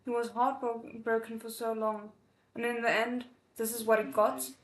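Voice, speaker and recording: A woman reading a novel aloud live, expressive, with emotional asides between passages. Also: on the high side, a little slow. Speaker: audiobook reader. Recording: echoey room.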